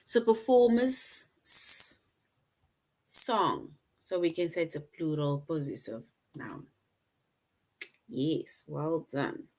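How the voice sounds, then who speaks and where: Slow, patient woman teaching grammar. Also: deep voice, expressive, darkish tone. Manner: slow, patient, reads sentences aloud then quizzes. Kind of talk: online grammar lesson.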